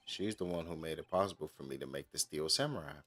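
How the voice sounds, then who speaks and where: A gamer reading as a fast-talking boastful film director. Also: male voice, very deep voice, fairly bright tone. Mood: admiring.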